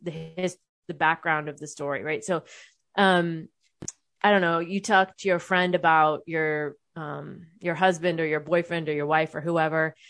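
A woman's voice: sits low, fairly even intonation, normal speed, fairly bright tone. A young adult woman telling a personal story to her viewers, candid and conversational, swearing freely and restarting her sentences often. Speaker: vlogger.

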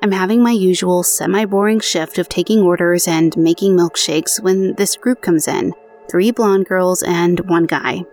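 Low-voiced woman reading ghost stories. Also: steady tone, a little slow, a little mellow, faint music behind. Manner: conversational, self-deprecating asides. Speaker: podcast host. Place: home recording booth.

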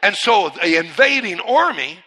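A man preaching a sermon to his church, swinging between loud, forceful bursts and hushed lines, and leading the congregation in call-and-response. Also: high voice, very animated, measured pace, slightly rough. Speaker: pastor. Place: church service.

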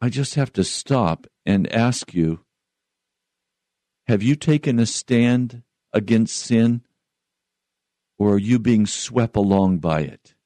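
Slow earnest pastor man, lowish voice, radio sermon. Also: expressive, dark tone, dry recording.

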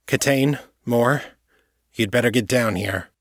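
A man's voice: medium pitch, measured pace, no echo, studio quality, close to an everyday voice. A man voicing a commanding female police lieutenant in an audiobook. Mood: brisk. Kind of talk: audiobook character voice.

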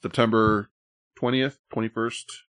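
A man's voice: on the low side, level tone, a little slow, fairly bright tone, smooth, no echo, studio quality. A man hosting a casual live stream, talking in a loose, rambling, profane way. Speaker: host.

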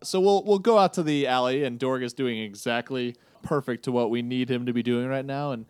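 A man's voice: mid-range voice, a little fast, a little mellow, clear, resonant tone, dry recording. A man playing a tabletop game, describing his character's actions in an easygoing way. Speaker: player.

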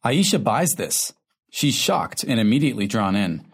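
Husky, lively male narrator. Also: lowish voice, normal speed. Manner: calm, observant stage-direction narration. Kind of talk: scripted narration of a drama.

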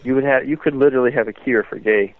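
A man's voice: medium pitch, fast talker, no echo, narrow, tinny audio. A man co-hosting a casual comedic podcast chat, joking around and acting out imagined scenes. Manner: joking, acts out quoted voices, laughs often. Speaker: podcast co-host.

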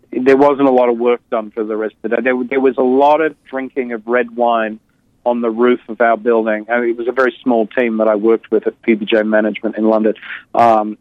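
A man tells his story as an interview guest, candid and reflective, often pausing and restarting. His voice sits at an ordinary middle pitch. The sound is narrow and tinny, like a phone line, with no room echo. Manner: reflective, with frequent fillers and restarts.

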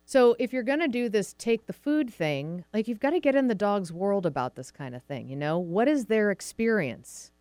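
A woman's voice: mid-range voice, animated, normal speed, few pauses, darkish tone, no room sound. A woman hosting a dog podcast, talking casually and acting out what dogs and owners might say, with a light Pacific Northwest American accent. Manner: chatty, acts out quoted voices of dogs and owners. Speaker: podcast host, dog trainer. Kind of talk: casual explanatory talk.

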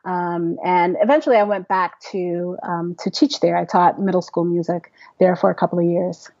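Laughing woman telling a lively story. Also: fairly low pitch, normal speed, dry recording, muffled recording. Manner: animated storyteller, laughs often, acts out quotes. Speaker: interview guest. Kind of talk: casual storytelling interview.

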